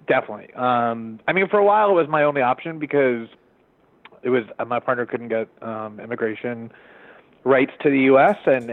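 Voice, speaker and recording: A man speaking as an interview guest from home, thoughtful and hesitant, talking in a conversational way. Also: medium pitch. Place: home in a forested hillside area. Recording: tinny phone-like line.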